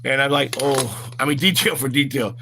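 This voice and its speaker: A man's voice: mid-range voice, normal speed, creaky, noisy background. A man hosting a walk-and-talk vlog outdoors, rambling with lots of fillers and stammered repeats, recorded on a handheld phone. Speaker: vlog host.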